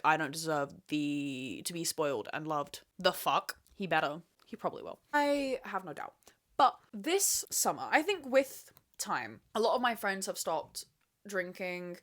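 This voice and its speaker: A young woman in her twenties hosting a solo podcast to camera, ranting emphatically and swearing freely. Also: fairly low pitch. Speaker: podcast host. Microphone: camera mic, speaking to camera.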